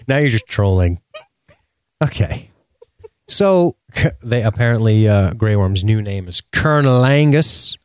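A man's voice: on the low side, animated, takes it slowly, pauses often, clear, resonant tone, no echo. A man co-hosting a podcast in casual chat, crude, joking and teasing. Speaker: podcast co-host.

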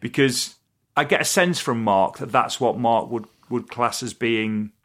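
A man co-hosting a podcast who breaks into the chat with quick questions. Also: mid-range voice, fairly bright tone. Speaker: podcast co-host. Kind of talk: casual chat.

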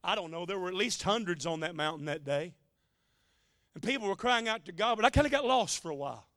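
A man's voice: high-pitched, animated, quick pace, a bit bright, no room sound, clean studio sound. A man preaching a sermon, telling a story in a folksy, emotional way with joking asides. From United States.

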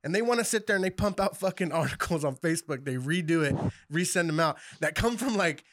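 A man's voice: fairly high pitch, expressive, fast talker, fairly bright tone, dry recording, clean studio sound. A man in casual podcast chat, swearing constantly and getting worked up as he rants.

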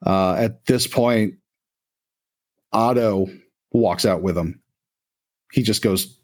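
A man narrating as game master of a tabletop role-playing game, in a relaxed, profane storytelling manner. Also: fairly low pitch, slow pace, long pauses.

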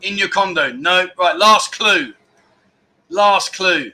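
A man hosts a casual livestream in a slow, high-pitched voice that is bright and forceful. Reading out what viewers guess, he teases and banters with them, using "mate" and "no" a lot.

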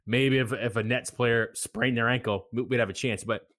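A man's voice: medium pitch, fairly even intonation, normal speed, fairly bright tone. A man co-hosting a casual sports podcast, chatty and joking. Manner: chatty, joking, laughs often. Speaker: podcast co-host.

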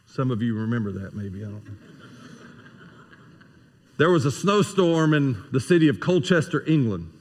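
A senior pastor preaching a sermon. He shifts from quiet asides to loud, emphatic peaks. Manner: dynamic preacher, swings between soft asides and loud high-pitched emphasis. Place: church sanctuary. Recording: reverberant church hall.

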